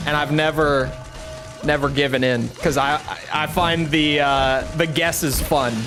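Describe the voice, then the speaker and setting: A man's voice: fairly high pitch, steady tone, unhurried, music in the background. A young man streaming a game, telling a rambling, self-mocking story in casual chat with lots of restarts. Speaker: gaming streamer.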